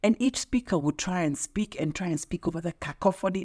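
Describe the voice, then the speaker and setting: A woman's voice: on the low side, lively intonation, fairly quick, few pauses, warm tone. A middle-aged woman talks in a casual podcast interview. She speaks like a trainer, emphatic and teacherly, and makes her points with rhetorical questions. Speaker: guest, public speaking trainer.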